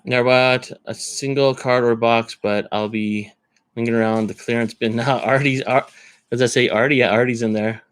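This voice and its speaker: A man's voice: medium pitch, fairly even intonation, normal speed, dry recording. A man rambling in casual live-stream chat, thinking aloud as he browses card listings. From Canada.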